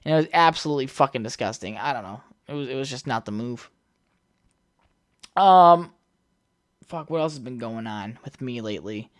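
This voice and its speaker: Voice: medium pitch, a bit bright, smooth, no echo, clean studio sound. Rambling, foul-mouthed solo podcast host. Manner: rambling, heavy swearing, chatty asides. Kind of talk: casual solo podcast storytelling.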